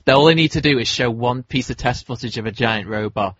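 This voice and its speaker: A man's voice: mid-range voice, fairly quick, a bit bright, no room sound. Male podcast host, dry close sound, dull lo-fi recording, casual and jokey. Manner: laughs often, jokey. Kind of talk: casual chat.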